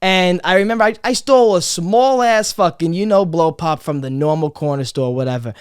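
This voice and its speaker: A man's voice: high-pitched, a little fast, clean tone, dry recording, clean studio sound. A young man from Brooklyn with a New York accent hosting a casual podcast chat, rambling with stammered restarts and lots of cursing. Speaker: podcast host.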